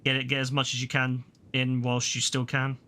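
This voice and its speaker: A man streaming a game live, chatting to his viewers in an excitable, slangy way and swearing casually. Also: medium pitch, moderate pace.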